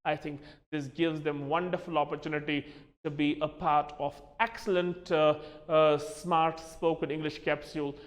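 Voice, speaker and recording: A man's voice: on the high side, little pitch movement, moderate pace. Man teaching English, echoing room. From Kashmir. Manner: spells words out letter by letter, addresses "my dear friends". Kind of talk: spoken English lesson.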